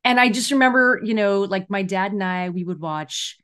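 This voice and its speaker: A woman comedian from California speaks as an interview guest. She talks in an animated, chatty manner and tells stories. Her pitch sits in a middle range. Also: normal speed, clear, resonant tone. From California, USA. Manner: animated, chatty storyteller who acts out quotes. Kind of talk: casual interview storytelling.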